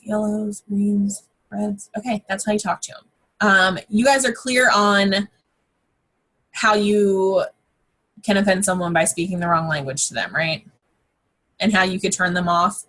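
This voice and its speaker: A woman coaching her sales team in a loose, conversational way, peppering her talk with fillers and excited exclamations. Her voice has a husky edge, sitting in an ordinary middle pitch. She speaks from a home office. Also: takes it slowly, pauses often. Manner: chatty, frequent fillers and exclamations. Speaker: network marketing team trainer. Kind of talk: casual training talk.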